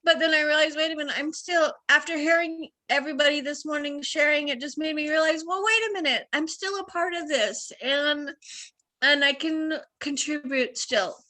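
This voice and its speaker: A woman in her fifties on a video call, sharing excitedly and emotionally, near tears. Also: high-pitched, moderate pace. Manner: tearful, excited, breaking up with emotion. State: crying. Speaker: call participant.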